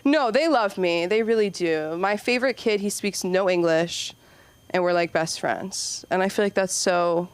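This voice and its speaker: A woman's voice: lowish voice, fairly even intonation, moderate pace, smooth. A young woman performing a rambling, self-deprecating stand-up set on a comedy club stage, peppering her talk with "like" and "you know.".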